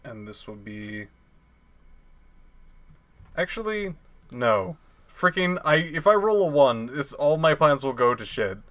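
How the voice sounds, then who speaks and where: A playful man taking his turn in a tabletop game, quick to laugh. His voice sits a little high and moves around a lot, and he speaks at an unhurried pace. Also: sing-song, fairly bright tone. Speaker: player. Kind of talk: casual tabletop game play.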